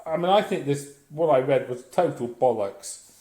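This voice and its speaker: A man's voice: medium pitch, lively intonation, normal speed, mellow. A man delivering a blunt, profane, sardonic comic rant as a vlogger. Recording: echoey room.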